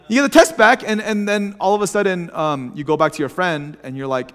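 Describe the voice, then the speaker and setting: A man's voice: high voice, normal speed, a bit bright, in a large hall. A man preaching a sermon as a pastor in a church, talking in a conversational way with frequent restarts and small acted asides. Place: church sanctuary.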